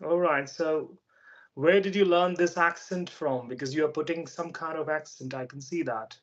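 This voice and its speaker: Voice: medium pitch, normal speed. An adult interviewer with a mid-range voice runs a casual English practice chat. They speak hesitantly, stopping often for fillers, and patiently explain ideas. The audio is slightly dull and lo-fi.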